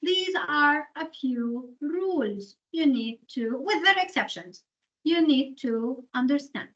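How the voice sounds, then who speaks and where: High-voiced woman lecturer, muffled recording. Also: animated, takes it slowly, fairly bright tone. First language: Arabic. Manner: switches between English and Arabic, explains rules step by step. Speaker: English translation lecturer. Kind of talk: university lecture.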